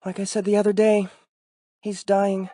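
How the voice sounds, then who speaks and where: A male narrator voicing a guarded young woman in an audiobook, her voice lifted well above his own and kept soft and mellow. She comes across quick and defensive, with a clipped bite, and the sound is dry. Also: high voice, completely flat delivery, no echo, pitched above the performer's own voice, close to an everyday voice. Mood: bitter. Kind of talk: audiobook character voice.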